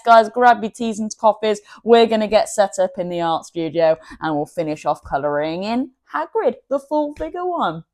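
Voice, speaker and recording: A woman's voice: lowish voice, darkish tone. A woman hosting an art channel, giving a chatty drawing tutorial and laughing at herself now and then.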